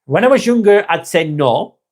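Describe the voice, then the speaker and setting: A man's voice: high voice, lively intonation, moderate pace. A man, hosting a casual live stream, chatting to viewers by name, laid-back and swearing freely. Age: 40s.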